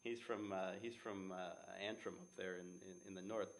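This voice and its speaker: A man's voice: deep voice, steady tone, moderate pace. A man, a theater's artistic director, answering interview questions with enthusiasm and telling stories. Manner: enthusiastic, storytelling.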